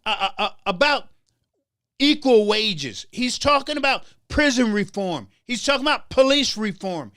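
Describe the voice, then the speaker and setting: A man's voice: extremely high pitch, expressive, a little slow, fairly bright tone, smooth, no echo, clean studio sound. A man hosting a political talk show, delivering a heated commentary monologue with stammered restarts and a preacher-like rhythm. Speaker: show host.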